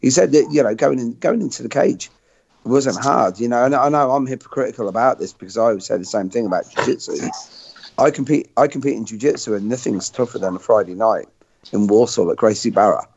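A man's voice: mid-range voice, creaky, a little mellow, husky, dull audio. A man in his fifties chatting casually on a podcast roundtable, joking and rambling. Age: 50s. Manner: joking, rambling, quick to laugh. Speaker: podcast panelist.

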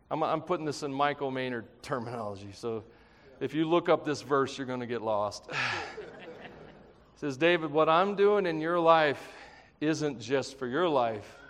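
Animated male preacher in a reverberant hall. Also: a little high, clean tone. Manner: animated, conversational preaching with jokes and acted quotes. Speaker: pastor. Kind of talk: sermon.

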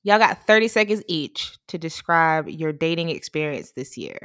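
A woman's voice: low-pitched, sing-song, normal speed, fairly bright tone, clear, resonant tone, dry recording, clean studio sound. A young woman hosting a casual chat, teasing her friends and laughing often.

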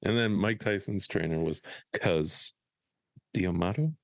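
Gravelly low-voiced man, easygoing. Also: normal speed, no echo. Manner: relaxed, easygoing, many fillers. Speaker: podcast co-host. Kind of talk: casual podcast chat.

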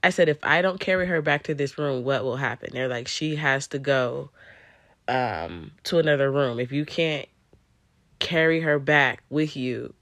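Low-voiced woman telling a personal story. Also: a bit bright, dry recording. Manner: conversational, frequent "um" and "I'm like" quoting. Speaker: vlogger.

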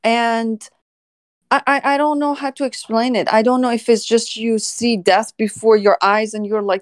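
High-voiced woman telling a story. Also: fairly even intonation, normal speed, no room sound. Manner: laughs often while telling the story. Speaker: animal services officer. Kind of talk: casual storytelling on a podcast.

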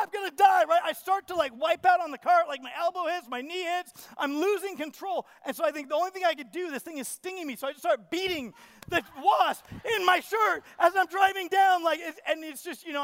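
Male pastor, high tenor, animated storyteller who preaches straight to his congregation. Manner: animated storytelling, acts out his own panic; asks the congregation questions. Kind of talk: sermon. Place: church.

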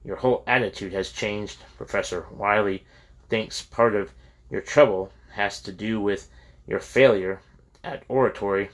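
A man reading the lines of a firm older college president who lectures a student calmly. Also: lowish voice, measured pace, lightly acted.

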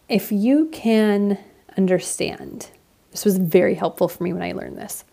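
A woman's voice: medium pitch, gravelly, mellow. A woman in her thirties hosting a podcast, talking candidly and reflectively in a casual monologue with lots of fillers. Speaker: podcast host.

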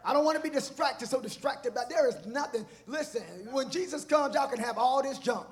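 A man preaching a sermon, shouting and chanting repeated phrases in a live church service. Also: very high-pitched, a little fast. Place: church sanctuary. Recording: live church with music and congregation. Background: organ music and responding crowd.

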